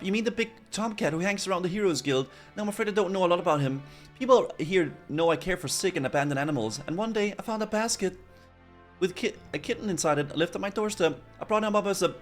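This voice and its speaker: A man voicing a fussy older woman who looks after cats, reading game dialogue in a high put-on voice. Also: fast talker, faint music behind, natural voice. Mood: reminiscing.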